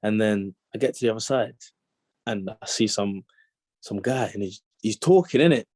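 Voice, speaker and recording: A young man telling a story as an interview guest, animated and full of slang, acting out the lines of the people in it. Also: fairly low pitch, normal speed, dry recording. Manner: animated slang-heavy storytelling, acts out quotes. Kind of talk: casual storytelling chat.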